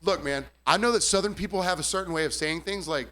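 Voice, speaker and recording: A man's voice: on the high side, quick pace. A man who works as a bartender, telling a story in a casual podcast chat, swearing freely and imitating customers. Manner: animated, profane, mimics customers' voices.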